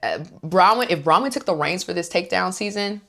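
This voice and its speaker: Low-voiced chatty woman recapping reality TV. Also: lively intonation, a little fast, gravelly, a bit bright. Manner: chatty and opinionated, acts out quotes. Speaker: host.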